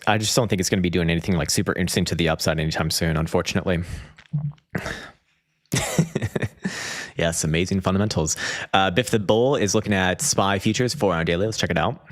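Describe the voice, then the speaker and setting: A man's voice: low voice, a bit bright. A man hosting a casual live stream, loosely talking through market charts, joking and swearing. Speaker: live stream host, crypto chart analyst.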